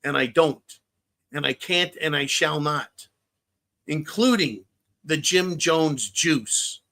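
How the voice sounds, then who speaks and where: A man's voice: fairly high pitch, animated, takes it slowly, creaky, sharp tone. A man hosting a political commentary livestream, ranting with heavy profanity and repeating his points for emphasis. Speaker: livestream host.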